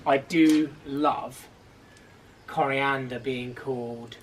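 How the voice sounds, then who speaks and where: A man chatting casually with his partner, relaxed and a little hesitant, thinking out loud. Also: medium pitch, slow, a little hiss or hum, poor audio. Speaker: partner of the host. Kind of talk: casual chat.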